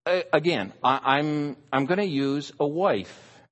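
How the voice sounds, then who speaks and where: A man's voice: on the high side, a little slow, fairly bright tone, in a large hall. A man preaching a sermon, emphatic and stressing single words.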